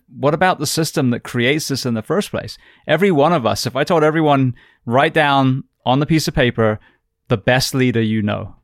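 A man's voice: mid-range voice, no echo. A man hosts a podcast and asks his questions as long, blunt rants laced with swearing. His voice sits in a middle range. The sound is dry and close to the mic. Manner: blunt, profane, rant-like questions. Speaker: podcast host. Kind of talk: casual interview.

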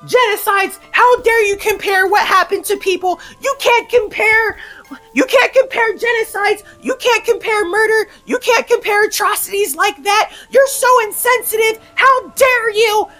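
Guy doing a shrill screechy angry schoolgirl, way up high, yelling and indignant. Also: measured pace, soft background music, heavily acted. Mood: shrieking outrage. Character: outraged teenage schoolgirl, shrill and furious.

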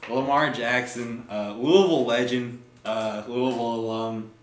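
A man's voice: medium pitch, steady tone, unhurried, slight background noise. Joking young man in an echoey room. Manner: joking, swears freely. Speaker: podcast co-host. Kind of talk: casual chat.

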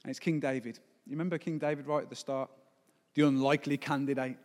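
A man's voice: mid-range voice, fairly even intonation, fast talker, a little mellow, in a large hall. A forty-year-old man preaching a sermon as pastor. He speaks with emphasis and often puts rhetorical questions to the congregation. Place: church service.

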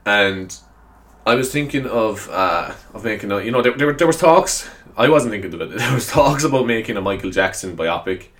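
Guy rambling on his own podcast, kinda low voice, laughing at himself a lot. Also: animated, moderate pace, fairly bright tone. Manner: rambling, self-deprecating, laughs often. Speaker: podcast host. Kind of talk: casual solo podcast chat.

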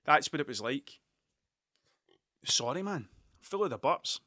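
Forceful, sweary Scottish man in his thirties. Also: fairly high pitch, animated, measured pace, no room sound, clean studio sound. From Scotland. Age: 30s. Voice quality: sweary, digressive, self-interrupting. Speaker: vlogger. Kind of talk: rambling casual storytelling.

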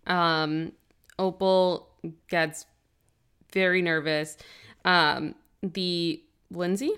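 A woman co-hosting a casual book podcast, summarizing a chapter in a relaxed, chatty way with casual swearing. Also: fairly low pitch, measured pace, clean tone. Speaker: podcast co-host. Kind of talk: casual book-club chat.

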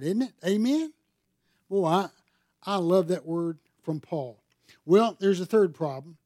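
An older man delivers a sermon, his voice sitting somewhat high for a man. He tells stories from the pulpit and presses harder and louder when he drives a point home. The sound is close and dry. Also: dry recording. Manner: emphatic storytelling, swelling louder and higher on key points. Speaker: pastor. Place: church sanctuary.

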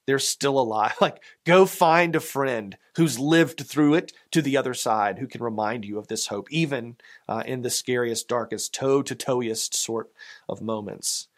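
A male pastor giving an earnest Easter sermon, slowing down to read poetry with rising emphasis. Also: medium pitch. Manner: earnest preaching, reading poetry slowly with swells of emphasis.

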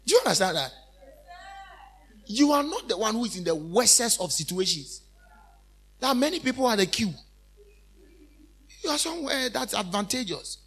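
A male preacher with a high, husky voice swings widely in pitch as he drives his points home. He repeats phrases for emphasis and breaks into loud outbursts mid-sermon. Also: very animated, normal speed, long pauses. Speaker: minister.

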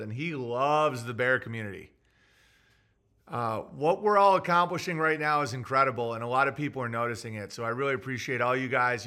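A man with a fairly high, bright and forceful voice hosts a casual livestream. He rambles offhand, with plenty of fillers and restarts, and reads viewer messages aloud. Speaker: livestream host reading viewer chats.

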